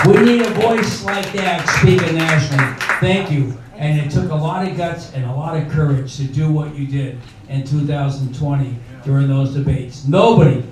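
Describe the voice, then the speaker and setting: A man in his late seventies hosting a comedy benefit on stage, in a rambling, folksy way full of fillers. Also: fairly high pitch. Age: older. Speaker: emcee. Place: bar venue. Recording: echoey bar, far mic, crowd noise.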